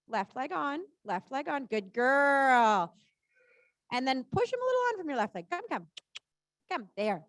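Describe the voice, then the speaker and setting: High-voiced woman coaching a rider. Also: no echo. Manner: encouraging, quick short cues. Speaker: riding instructor. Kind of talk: live coaching during a riding lesson. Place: indoor riding arena.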